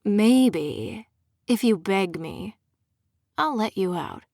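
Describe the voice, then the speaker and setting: A woman voicing a cold, sadistic young male fae captor in an audiobook, with a low, husky, purring voice and a slow, mocking, menacing way of talking. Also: expressive, a little mellow, dry recording, clean studio sound. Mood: teasing.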